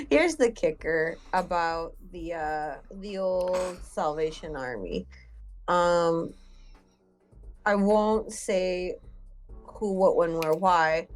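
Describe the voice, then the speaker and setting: A woman's voice: fairly low pitch, drawn-out words, pauses often, soft background music, rough recording. A young woman who works as a mental health counselor, chatting casually on a stream with many fillers and easy laughter. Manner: rambling, lots of fillers, laughs easily. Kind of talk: casual chat.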